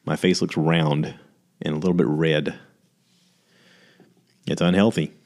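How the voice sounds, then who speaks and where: A man's voice: a bass voice, flat delivery, a little slow, a little mellow. A man hosting his own podcast, talking candidly and a little rambling in a self-deprecating, casual way. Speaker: podcast host. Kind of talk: casual solo podcast monologue.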